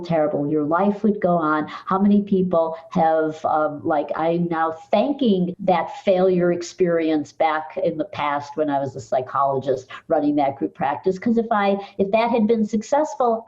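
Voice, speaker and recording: An older woman psychologist, a podcast guest, calmly guiding listeners through mind-body exercises. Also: on the low side, muffled recording. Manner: calm, measured, guides listener through exercises. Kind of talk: podcast interview, explaining techniques.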